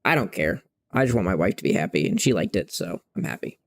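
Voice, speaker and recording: A man's voice: sits low, big pitch swings, quick pace, vocal fry, slight background noise. A young man in his twenties chatting casually and frankly while playing a game, rambling and swearing freely. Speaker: streamer. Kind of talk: casual gameplay chat.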